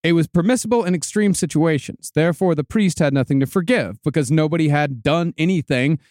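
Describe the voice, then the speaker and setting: Guy narrating a story on a podcast, kinda high voice, super dry close mic, chill and sweary. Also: brisk, darkish tone, no room sound. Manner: laid-back, swears casually, laughs often. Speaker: podcast host telling the story. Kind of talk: casual storytelling.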